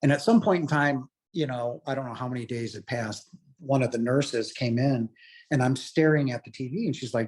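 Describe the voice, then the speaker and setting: Middle-aged guy, husky voice, earnest rambly storytelling, lots of you-knows. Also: mid-range voice, normal speed, darkish tone. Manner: earnest, rambling, leans on "you know" fillers. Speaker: interview guest telling his near-death story. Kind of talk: candid personal storytelling.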